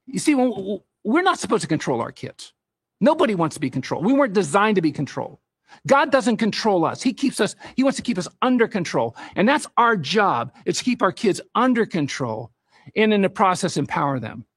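A man's voice: sits high, a little fast, husky, no room sound. A middle-aged man giving a faith-based parenting talk, telling family stories and quoting scripture. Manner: storytelling with scripture quotes, animated. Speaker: speaker on parenting.

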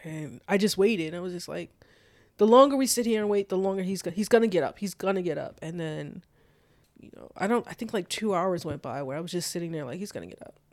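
Young adult guest with a mid-pitched voice, telling a story in loose, filler-heavy speech, dry and close. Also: a little fast, a little mellow, no echo. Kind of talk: casual personal storytelling.

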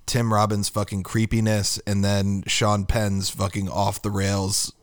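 A man co-hosting a casual podcast chat, laughing and swearing through lively banter. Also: on the low side, measured pace, no echo, studio quality. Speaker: podcast co-host.

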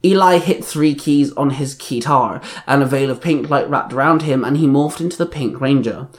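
A man's voice: mid-range voice, normal speed. Man plainly reading an action story. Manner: plain reading with small slips and restarts. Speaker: reader. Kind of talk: reading fan fiction aloud.

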